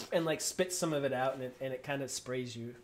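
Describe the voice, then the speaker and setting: A man running a tabletop game as game master, narrating casually and filling pauses with "like". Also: medium pitch, a crowd in the background. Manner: casual, filler-heavy with frequent "like".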